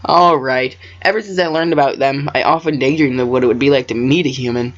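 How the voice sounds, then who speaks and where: A man's voice: medium pitch, fairly quick, close to an everyday voice. A man voicing a shy young female unicorn in a fan story reading. He speaks hesitantly and self-consciously, like an earnest dreamer. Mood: wistful. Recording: dull lo-fi home recording.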